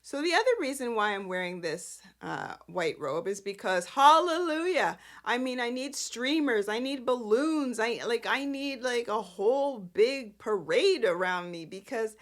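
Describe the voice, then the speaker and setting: A woman's voice: a little high, a bit bright. A woman hosting a casual recap show, chatty, sassy and exasperated. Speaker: host.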